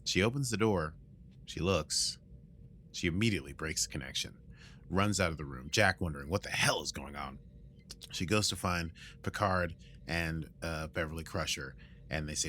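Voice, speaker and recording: A man's voice: rumbling low, moderate pace, bright, forceful tone, a little hiss or hum. A man hosting a podcast, casually recapping an episode and breaking into sung lines and silly voices. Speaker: podcast host.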